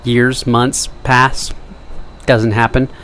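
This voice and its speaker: A man's voice: medium pitch, level tone, very slow, a bit bright, a little hiss or hum. Rambling joking young man on camera. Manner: jokey, self-deprecating, wandering asides. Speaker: vlogger. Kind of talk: rambling casual monologue to camera.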